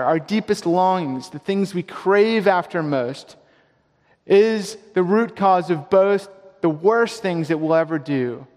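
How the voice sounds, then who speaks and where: A pastor with a fairly high voice preaches a sermon in a church sanctuary, pressing hard on his main points. He slows and repeats key lines so they land, while long reverb from the big hall trails each phrase.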